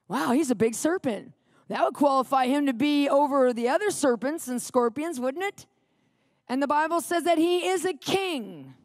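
Her voice is high, recorded at studio quality with no room sound. The speaker, a middle-aged woman, gives a sermon built around a personal story and dramatically read scripture, animatedly checking in with listeners and posing questions to them.

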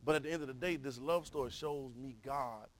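A man's voice: medium pitch, a little fast, rough recording. Man preaching to a Bible class. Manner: call-and-response, swings from soft to loud, repeats words.

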